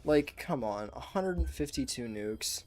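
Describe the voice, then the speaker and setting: A man's voice: mid-range voice, animated, a little slow. A man giving casual gameplay commentary, laid-back, swearing and saying bro. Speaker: gamer.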